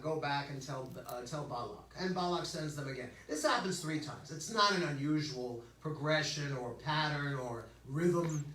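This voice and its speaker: A man's voice: fairly high pitch, sharp tone. Joking older man giving a sermon. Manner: joking, conversational, lots of okays and asides. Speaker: rabbi. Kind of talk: informal sermon. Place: synagogue sanctuary. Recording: echoey hall, distant mic, faint hum.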